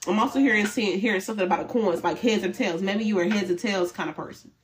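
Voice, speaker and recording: A woman's voice: mid-range voice, very fast, slight background noise. Candid woman giving a tarot reading. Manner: animated and candid, with slang and swearing. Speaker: tarot reader. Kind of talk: casual spiritual reading.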